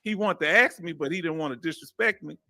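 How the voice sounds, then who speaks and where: A man's voice: on the high side, fast, creaky, sharp tone, no echo. Southern Texas male host, folksy reader of viewer comments, dry close sound. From Houston, Texas. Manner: folksy, reads comments aloud and chats directly to viewers. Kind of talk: casual livestream chat.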